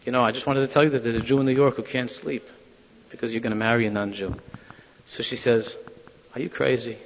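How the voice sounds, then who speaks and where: A man's voice: medium pitch, fast, slight background noise. Man telling a Hasidic story in a hall. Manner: animated, acts out quoted voices. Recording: dull lo-fi sound in a reverberant hall.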